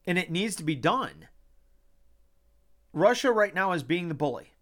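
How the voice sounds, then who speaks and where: A man hosts his own talk show, speaking in a fairly high voice. He rants with passion, swears freely and circles back over the same phrases. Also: very animated, unhurried, a bit bright. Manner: impassioned, swearing, repeats himself. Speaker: podcast host. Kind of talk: casual opinion talk.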